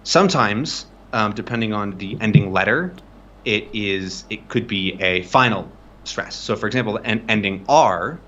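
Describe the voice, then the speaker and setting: A man's voice: on the low side, moderate pace, fairly bright tone, highs cut off. A man tutoring pronunciation in a casual live-streamed lesson, explaining loosely and checking in with frequent "right?". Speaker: language tutor.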